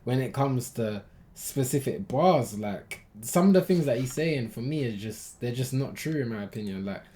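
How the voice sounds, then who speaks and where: A British man giving casual reaction commentary on a track. His talk is animated and slangy. He bursts out loudly, then drops to low asides. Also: normal speed. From United Kingdom. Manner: animated, slangy, jumps between loud outbursts and low asides. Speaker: reaction video host.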